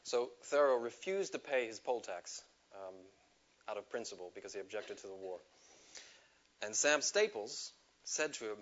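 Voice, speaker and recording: A man telling a personal story to a live audience, animated, laughing at himself and acting out the quotes. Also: lowish voice, normal speed, lo-fi sound. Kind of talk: storytelling talk. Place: stage before a live audience.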